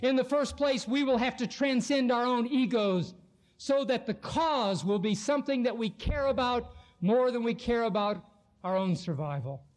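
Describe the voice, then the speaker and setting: A man preaching a sermon with an impassioned, oratorical delivery, slowing down dramatically to stress key lines. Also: extremely high pitch.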